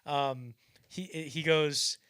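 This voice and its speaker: Young man, podcast host, casual storytelling, acts out quotes, lively delivery. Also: drawn-out words, smooth. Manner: animated storyteller, acts out quoted lines loudly and higher; casual and profane, frequent restarts. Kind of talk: casual chat, telling anecdotes.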